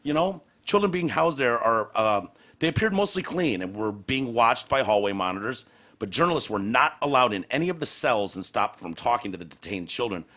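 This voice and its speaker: Sarcastic profane podcast host, bright voice. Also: male voice, medium pitch, lively intonation, brisk. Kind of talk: casual chat.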